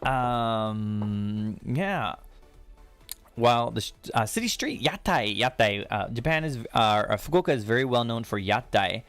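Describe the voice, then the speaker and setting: A man's voice: medium pitch, animated, a little slow, a bit bright, dry recording, soft background music. A man, hosting a casual live-stream Q&A and rambling with lots of fillers. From United States. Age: 30s. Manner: rambling, chatty, many fillers and restarts.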